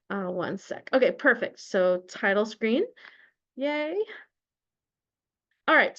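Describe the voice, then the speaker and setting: A woman's voice: medium pitch, lo-fi sound. A young woman hosting an online book study in a chatty, casual way, with plenty of fillers and restarts. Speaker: study group host.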